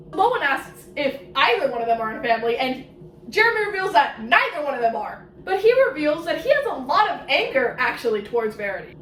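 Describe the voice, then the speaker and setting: A woman giving a casual, sarcastic, animated summary of a book she is reviewing. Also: sits high, roomy sound, recorded from a distance, a little hiss or hum, low-quality recording. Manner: sarcastic, animated, exclamatory asides.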